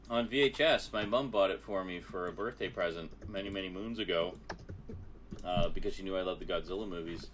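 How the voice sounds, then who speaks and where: A man co-hosting a casual geek chat stream, enthusiastic and quick to laugh. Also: low-pitched, fairly bright tone, a little hiss or hum. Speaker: co-host.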